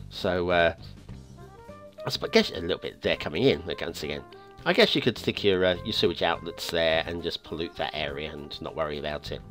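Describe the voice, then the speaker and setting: Hosting a game map review show, a man offers casual video game commentary in a chatty, rambling style full of restarts and stammers. His pitch swings lively, his voice is getting a little hoarse, and faint background music plays.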